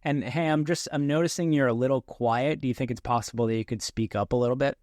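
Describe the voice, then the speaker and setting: A man hosting a podcast in a relaxed, chatty way, speaking into a desk microphone. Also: medium pitch, quick pace, no echo, clean studio sound. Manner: relaxed, chatty, with restarts and small laughs. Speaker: podcast host. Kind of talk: casual podcast talk. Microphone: desk mic.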